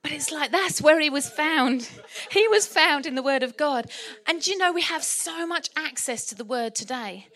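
A woman preaching a sermon in church, lively and humorous. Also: high voice, normal speed, few pauses. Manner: lively, humorous and animated, often laughing.

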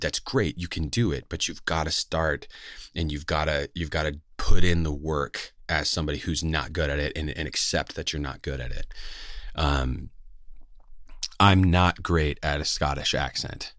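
Very deep-voiced American man, dry sound. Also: fairly bright tone, dry recording. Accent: General American, West Coast. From West Coast of the United States. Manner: earnest, rambling, many fillers and restarts. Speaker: voice actor. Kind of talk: casual talk to camera.

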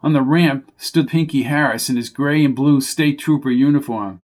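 A man reading a mystery story aloud as its narrator, with steady storytelling. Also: medium pitch, normal speed. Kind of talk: audiobook narration.

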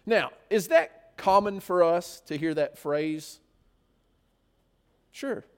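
A man's voice: sits high, expressive, slow pace, smooth. A man preaching a sermon, often putting rhetorical questions to his listeners.

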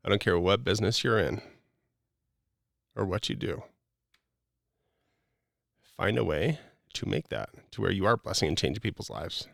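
A middle-aged man appears as a podcast guest, casual yet earnestly preachy and motivational, with many "like" fillers and frequent pauses. His low, gravelly voice creaks through sentences, expressive and fairly bright at a normal speed. The sound is dry and close with no echo.

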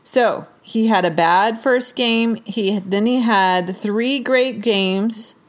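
A woman co-hosting a casual sports chat, launching into an animated, exasperated rant. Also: medium pitch, takes it slowly. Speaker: podcast co-host.

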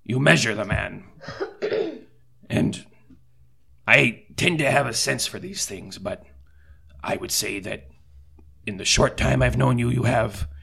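A man playing an earnest cleric at a tabletop game, soft-spoken and measured, with pauses. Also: mid-range voice, vocal fry, slightly rough. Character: earnest male cleric recruiter. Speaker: player voicing a cleric. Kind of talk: tabletop role-play in character.

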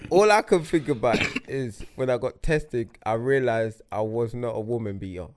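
A man's voice: mid-range voice, normal speed, clear, resonant tone. A man, co-hosting a podcast, joking about himself in casual chat. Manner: joking, self-mocking. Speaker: podcast co-host.

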